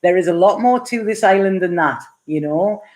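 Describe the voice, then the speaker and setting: Doing a relaxed live tarot session, a middle-aged tarot reader responds to viewer comments, rambling, chatting, laughing a lot, and leaning on fillers. Her lowish voice is a little mellow and moves at a moderate pace.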